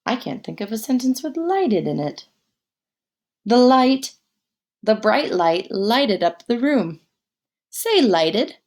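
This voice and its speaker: A woman teaching a guided spelling lesson, dictating words slowly and spelling them out letter by letter. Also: a little high, very animated, a little mellow.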